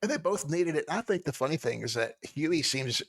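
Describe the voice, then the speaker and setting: A man's voice: a little high, animated, a little fast, no echo. Male co-host from the American South, rambling and laughing, on a dry close mic. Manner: chatty, rambling, restarts, laughs a lot. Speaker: podcast co-host. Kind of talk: casual podcast chat.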